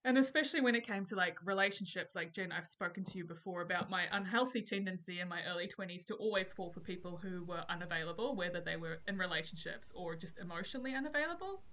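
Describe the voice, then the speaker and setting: A woman's voice: lowish voice, expressive, quick pace, hardly any pauses, pushed and bright. A woman co-hosting a book podcast, speaking in a thoughtful, earnest way. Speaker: podcast co-host. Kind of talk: casual chat.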